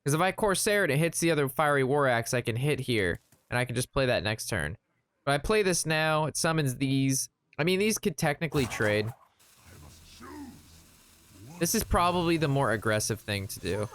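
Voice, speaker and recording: A man chatting casually while playing a card game, retelling an anecdote in an animated, rambling way. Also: mid-range voice, normal speed. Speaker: gaming streamer. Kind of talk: casual gameplay commentary with storytelling.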